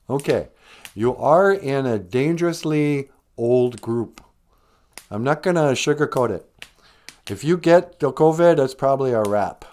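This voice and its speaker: A blunt, sarcastic man hosting a comedy live stream. His talk is lively and full of swings in pitch, and he rants at ease. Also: normal speed. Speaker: show host.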